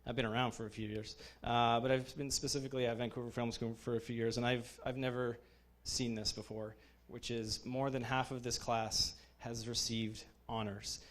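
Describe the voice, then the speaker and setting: A man in his thirties giving an informal graduation speech as program head, halting with many fillers and restarts, openly emotional toward his students. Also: medium pitch, flat delivery.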